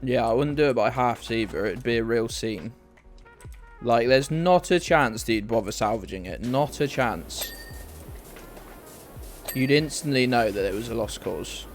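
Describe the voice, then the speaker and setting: A man's voice: mid-range voice, animated, a little slow, faint music behind. A man chatting casually and swearing as he streams a game to his viewers. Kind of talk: casual live-stream chat.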